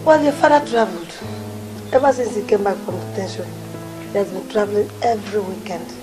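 A woman's voice: mid-range voice, brisk, natural voice. A woman playing a scornful Nigerian stepmother. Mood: cool. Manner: scornful, shouting. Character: resentful stepmother, sharp-tongued. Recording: loud film music behind.

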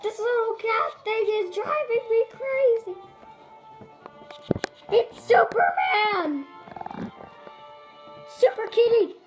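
A performer voicing an excitable little turtle creature in silly game commentary, with squeaky shrieks and giddy, easily startled reactions. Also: slow pace, pauses often, poor audio. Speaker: channel host. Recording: game music loud behind voice.

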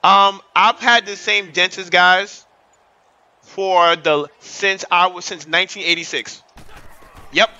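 High, sharp-voiced excitable streamer guy. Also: slow, dull audio. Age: 30s. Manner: excitable, repetitive, hypes up the chat. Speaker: livestream host. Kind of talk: casual livestream chat.

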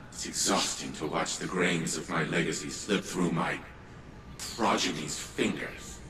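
A man's voice: rumbling low, measured pace. An actor playing a condescending elderly scientist who is the heroine's grandfather, speaking in a haughty, sneering game voice. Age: older. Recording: echoey hall reverb with noise.

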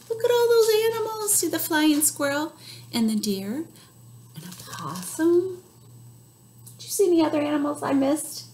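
Lively high-voiced woman reading to kids. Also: moderate pace, roomy sound, a little hiss or hum. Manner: animated, gasps and animal noises. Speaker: children's librarian. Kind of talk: reading a picture book aloud to children.

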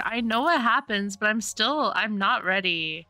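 A woman's voice: medium pitch, animated, a little slow, sharp tone, no room sound. A woman streaming a life-sim game, chatting casually and gushing with thanks to her chat. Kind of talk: casual gameplay commentary. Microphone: desktop USB microphone.

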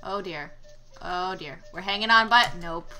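A woman's voice: lowish voice, measured pace, sharp tone, faint music behind. A young woman giving casual let's-play commentary, exclaiming at failures and trading sarcastic asides with the game. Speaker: gameplay commentator.

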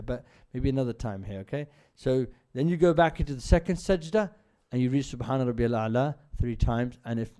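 A man with a mellow, mid-range voice leads a casual religious lesson in a mosque. As a religious teacher, he tells stories in a conversational way and often asks his listeners "right?"

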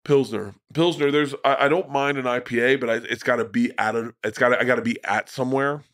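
A man's voice: medium pitch, fairly even intonation, brisk, fairly bright tone, no room sound, studio quality. A middle-aged man, a guest comedian, telling rambling, profane anecdotes in casual conversation.

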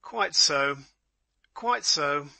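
A man's voice: fairly high pitch, lively intonation, extremely slow, creaky, bright, forceful tone, dry recording, exaggerated voice. A man playing a flustered, vague elderly nobleman.

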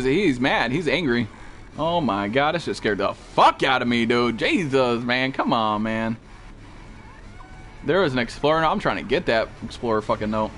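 A man's voice: medium pitch, slight background noise. A man streaming a survival game, swearing constantly and yelping in alarm at monsters as he chats with a teammate. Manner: excitable, swears constantly, frequent startled outbursts. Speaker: gameplay streamer. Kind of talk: profane live gameplay commentary. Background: faint background music.

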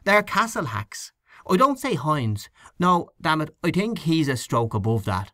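A man's voice: fairly high pitch, very animated, a little slow, bright, forceful tone, no room sound, clean studio sound, full character voice. A man doing a scornful, gossiping canvasser. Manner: scornful, complaining. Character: grumbling gossipy male election canvasser.

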